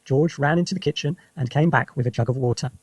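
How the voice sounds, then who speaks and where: A man reading a children's story aloud for English learners with lively, expressive narration. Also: medium pitch, fast talker, slightly rough, no echo. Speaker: reader.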